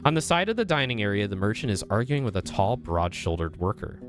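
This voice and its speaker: Brief: young male streamer, animated playful reading voice, soft guitar under. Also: fairly low pitch, fast talker. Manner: playful, chatty, lively reading voice. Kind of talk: reading a text game aloud with chat. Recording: faint guitar music behind.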